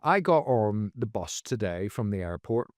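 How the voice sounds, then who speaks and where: A man guesting on a comedy podcast, telling stories in a playful, animated way. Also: lowish voice, moderate pace, no echo, studio quality. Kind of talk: casual comedy podcast chat.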